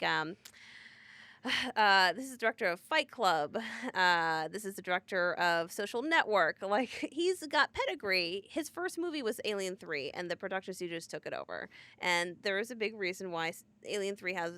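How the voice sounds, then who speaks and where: A woman's voice: mid-range voice, bright, forceful tone, no echo. A woman guest on a casual podcast chat, talking in an enthusiastic, emphatic way. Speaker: podcast guest, wine bar owner.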